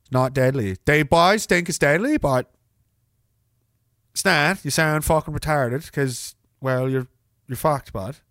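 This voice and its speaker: A man's voice: fairly high pitch, measured pace, a bit bright, dry recording, clean studio sound. A man putting on a Nova Scotian accent to play a crude, profane local man who scolds bluntly and rambles. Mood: scolding. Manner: gruff, rambling, heavy swearing.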